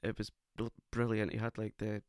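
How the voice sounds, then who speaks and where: A man's voice: lowish voice, completely flat delivery, brisk, darkish tone, clean tone, no echo, clean studio sound. A man co-hosting a casual podcast, camp and playfully teasing. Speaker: podcast co-host. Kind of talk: casual chat. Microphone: podcast microphone.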